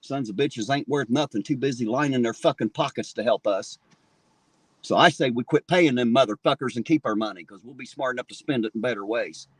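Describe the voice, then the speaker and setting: A man's voice: medium pitch, a little fast, breathy edge, no echo. A man, ranting angrily and with plenty of swearing on a street livestream, talking into his phone outdoors. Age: 40s. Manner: profane, fired-up ranting. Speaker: livestream host. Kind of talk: angry street livestream rant.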